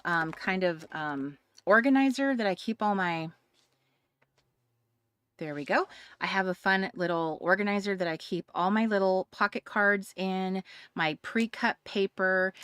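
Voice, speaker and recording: A woman's voice: medium pitch, fairly bright tone, clear, resonant tone, no echo. A woman hosting a live craft stream, chatting casually and greeting viewers by name, with many fillers. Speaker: craft livestream host. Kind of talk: casual livestream chat.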